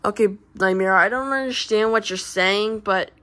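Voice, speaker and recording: A woman's voice: medium pitch, normal speed, a bit bright, natural voice. A woman voicing a female bear friend who scolds and stumbles over her words. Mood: flustered explaining.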